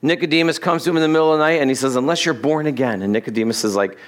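A man's voice: fairly high pitch, racing, few pauses. Conversational male pastor preaching. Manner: conversational, animated, laughs at his own asides. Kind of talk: expository sermon. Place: church sanctuary.

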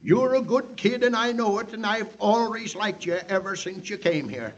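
An actor playing a stubborn, duty-bound frontier town marshal with a folksy drawl in a 1940s radio drama, in a dull old radio recording. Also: male voice, high voice, normal speed, slight background noise, lightly acted. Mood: stern.

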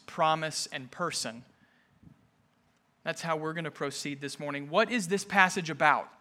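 A male pastor preaching an emphatic sermon to his congregation, repeating key phrases and rising to forceful peaks. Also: a little high. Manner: emphatic, building to raised intensity.

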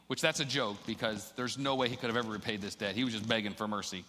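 A man's voice: medium pitch, quick pace, hardly any pauses, pushed and bright. A man preaching a sermon in a casual, conversational way, reading scripture aloud and then explaining it to the church. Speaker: pastor. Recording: long hall reverb.

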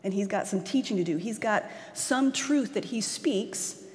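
Woman preaching casually, lively and chatty, voice ringing around a church hall. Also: mid-range voice, unhurried. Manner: animated, acts out quoted voices, laughs easily. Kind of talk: conversational sermon.

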